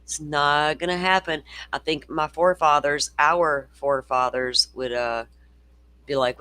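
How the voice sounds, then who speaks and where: A man's voice: fairly high pitch, unhurried, pushed and bright, no echo. A middle-aged man hosting a casual true-crime livestream, swearing freely and reading viewer comments aloud. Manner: profane, ranting, reads viewer comments aloud.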